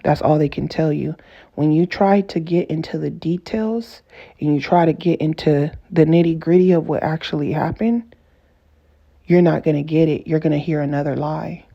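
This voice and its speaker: A woman vlogger talks to the camera in a casual, earnest personal monologue, repeating and rephrasing her points to build emphasis. Her voice is low and gravelly, with a steady tone and a moderate pace. The audio sounds dull.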